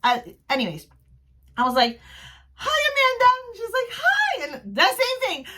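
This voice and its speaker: A woman from New Jersey telling a casual storytime recap on her vlog, gushing and excitable, rambling with restarts. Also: high-pitched, moderate pace. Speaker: vlogger.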